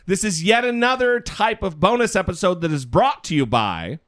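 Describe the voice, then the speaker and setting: A man's voice: sits high, very animated, normal speed, fairly bright tone. A man co-hosting a casual political podcast, chatty and rambling, swearing casually. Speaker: podcast co-host. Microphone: studio mic.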